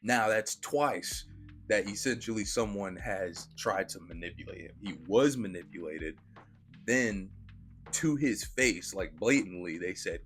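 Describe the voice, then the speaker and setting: A man giving a casual, slangy and profane film review, retelling scenes with animated energy. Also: lowish voice, a little slow, faint music behind.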